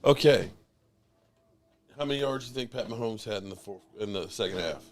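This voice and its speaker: A man's voice: on the low side, a little fast. A man hosting a live stream, casually chatting and reacting aloud to a football game. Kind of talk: casual sports reaction chat.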